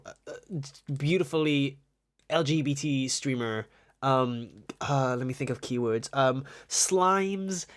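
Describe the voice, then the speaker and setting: A young adult art streamer chatting casually on a livestream, rambling, giggling often and swearing offhand. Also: mid-range voice.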